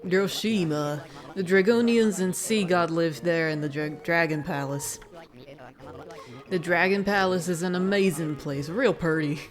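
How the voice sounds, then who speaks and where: A woman's voice: lowish voice, measured pace, faint music behind, natural voice. A woman voicing a folksy old fisherman with a put-on American Southern drawl, reading game dialogue aloud. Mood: proud.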